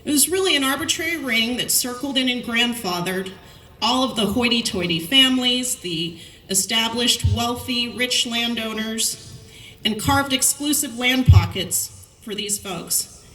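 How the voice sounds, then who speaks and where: A middle-aged woman giving a commencement speech, telling lively anecdotes and acting out the lines of people in her stories. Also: a little high, a little slow, a little hiss or hum. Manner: storytelling, lively anecdotes with quoted dialogue. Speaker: commencement speaker. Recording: echoey hall, voice from far off.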